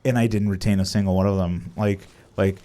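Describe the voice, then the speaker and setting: A young man casually commenting on his live game stream, swearing freely and reacting loudly. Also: deep voice, steady tone, a little fast. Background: game music.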